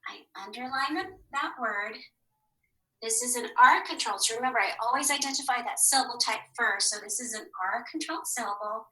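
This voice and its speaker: A woman teaching a phonics lesson to young children, patient and encouraging, sounding out words slowly. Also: on the high side, sharp tone, rough recording.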